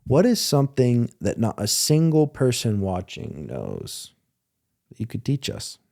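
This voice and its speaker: A man's voice: medium pitch, a little slow, creaky. Guy hosting a podcast, goofing around, swears, laughs, casual. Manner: animated, joking, swears, laughs often. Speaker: podcast host. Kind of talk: casual chat.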